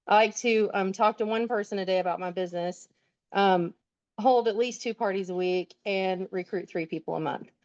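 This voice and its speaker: A woman's voice: mid-range voice, normal speed, darkish tone, muffled recording. A woman presenting a sales plan on a video call, upbeat and explaining step by step. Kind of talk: virtual team training talk.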